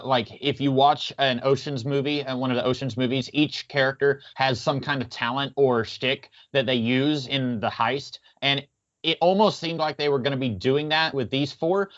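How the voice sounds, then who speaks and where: A man chats easily as a podcast co-host, at a middle pitch and with some fillers. The sound is muffled and lo-fi. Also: fairly bright tone. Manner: chatty, easygoing, some fillers. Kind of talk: casual chat.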